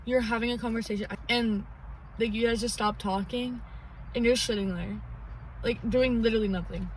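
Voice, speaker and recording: A woman's voice: on the high side, fairly even intonation, moderate pace, distant mic, low-quality recording. A young woman co-hosting a podcast, chatting casually and rambling with lots of "like". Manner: rambling, heavy use of "like". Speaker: podcast co-host. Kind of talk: casual chat. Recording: faint noise, a bit off-mic.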